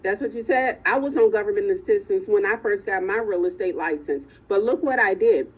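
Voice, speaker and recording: A woman's voice: medium pitch, a little fast, breathy edge, highs cut off. A woman real estate coach giving a motivational talk in a live online session, emphatic and repeatedly checking in with "right?" and "okay?".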